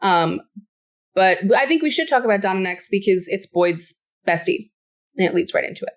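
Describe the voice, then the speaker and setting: Give me a woman co-hosting a podcast in casual chat, animated and laughing as she acts out quotes. Her pitch sits in the middle of the usual range for a woman, and she talks through her points at an easy conversational pace. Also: normal speed. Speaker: podcast co-host.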